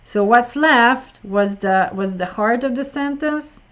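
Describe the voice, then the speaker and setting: Slow woman teaching English. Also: on the high side, fairly bright tone. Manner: slow, explaining, repeats words for emphasis. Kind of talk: online listening lesson.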